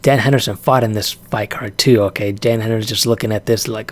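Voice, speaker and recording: A man's voice: on the low side, fairly even intonation, quick pace, few pauses. A man ranting casually about a fight, profane and exasperated, breaking into laughs often. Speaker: vlogger reacting to a fight.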